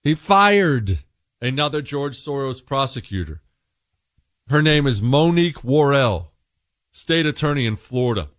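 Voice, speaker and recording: A male talk radio host speaks bluntly and emphatically, with a sarcastic edge. His voice sits at an ordinary middle pitch. The close studio mic sounds dry, with no room around it. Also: sing-song, measured pace, fairly bright tone, dry recording. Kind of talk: opinionated talk radio monologue.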